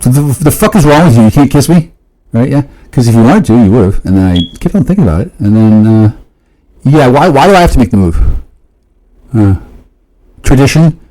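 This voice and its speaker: Low, dark-voiced man rambling. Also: low-quality recording. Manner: rambling and profane, with sudden leaps in pitch and frequent restarts. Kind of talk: rambling monologue.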